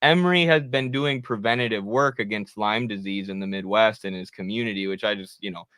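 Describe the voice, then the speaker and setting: A man's voice: fairly low pitch, brisk, smooth, no echo. A man co-hosting a casual political talk show, talking animatedly and acting out what people said. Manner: animated, acts out quotes with laughs. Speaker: co-host.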